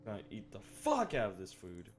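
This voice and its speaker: A man streaming live gameplay, chatting loosely and thinking out loud, with some swearing. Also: lowish voice, huge pitch swings, moderate pace, faint music behind. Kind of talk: casual live gameplay commentary.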